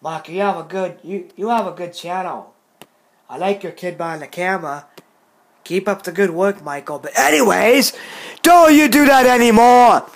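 A man ranting to his phone camera in a vlog, scolding and repeating himself slowly and emphatically. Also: high voice. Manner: repetitive, scolding, slow and emphatic. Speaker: video uploader. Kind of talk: angry vlog rant to camera.

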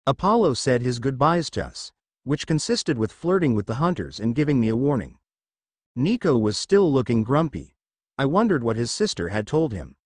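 A man reading a first-person fan fiction story aloud in a casual, lively way. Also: mid-range voice, normal speed, no echo, clean studio sound. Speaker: narrator.

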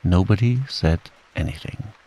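A man narrating a bedtime storybook in a slow, soothing, gentle reading. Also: sits low, rough recording. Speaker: audiobook narrator. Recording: rain sound under the voice. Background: rain.

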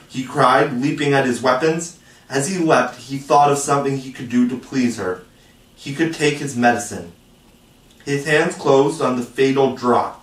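A man narrating a storybook chapter in a dramatic, measured, expressive way. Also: mid-range voice. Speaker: audiobook reader. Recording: roomy, distant mic.

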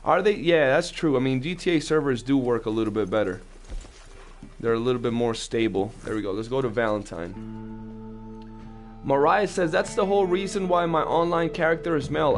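On a live game stream, a young man chats casually with his viewers, talkative and full of slang as he tells animated stories. His voice is on the high side.

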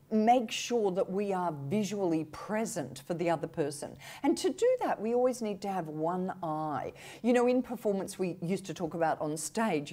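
A woman from Australia, a communication expert talking in an animated, demonstrative way on a video call. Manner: animated, demonstrative, swoops high to illustrate points. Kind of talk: conversational interview.

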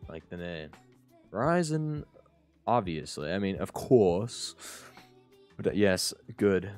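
A man's voice: deep voice, measured pace, a little mellow, faint music behind. A man streaming a game, rambling and mumbling to himself, often trailing off mid-sentence. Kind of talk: casual gameplay commentary.

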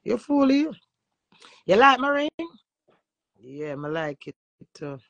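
A woman's voice: medium pitch, very animated, slow, fairly bright tone, no echo, dull audio. A Jamaican woman ranting brashly and crudely on a phone live stream, defiant toward her critics. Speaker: social media personality. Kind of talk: instagram live rant.

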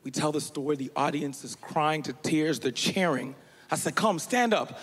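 A male stand-up comedian performing a set on stage, shouting punchlines over audience laughter. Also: on the high side, fairly even intonation, moderate pace. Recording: live hall with long reverb.

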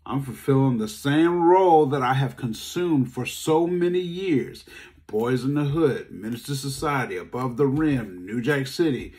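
A man with a mid-range voice tells a personal story in a talk. His delivery is casual and conversational. He acts out the dialogue, and his pitch jumps sharply at the tense moments. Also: measured pace. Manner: animated, acts out dialogue, voice jumps high when upset. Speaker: speaker.

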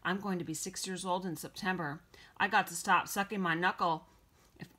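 Earnest small girl of five, plain-spoken and bright-toned, read by a woman narrator. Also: fairly low pitch, steady tone, moderate pace. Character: earnest little girl, almost six. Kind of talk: audiobook character voice.

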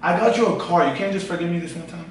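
Young guy, pretty high voice, begging his gf over and over, handheld cam vlog. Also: quick pace, a little hiss or hum. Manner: pleading and repetitive, talks over her. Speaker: vlogger pranking his girlfriend. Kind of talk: prank vlog, pleading. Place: at home, then outdoors at night. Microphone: handheld camera.

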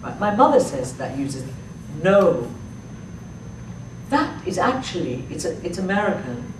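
A woman, an actress talking through her thoughts in a public talk, halting often with fillers and restarts. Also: on the low side, very animated, background noise. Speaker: actress answering audience questions. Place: public library talk room. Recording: echoey room from far off.

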